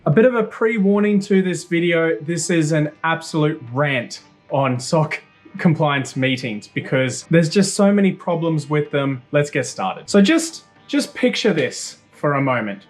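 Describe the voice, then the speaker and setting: A man, ranting in a profane, animated storytelling style on a video channel. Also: fairly high pitch, a little slow, faint music behind. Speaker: cybersecurity YouTuber. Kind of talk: ranting vlog monologue.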